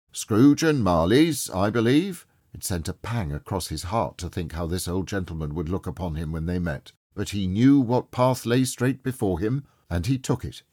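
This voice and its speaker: A middle-aged man narrating a storybook with dramatic expression. His low voice carries a husky grain and moves widely in pitch. The recording is close and dry. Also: mellow, no echo. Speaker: audiobook narrator.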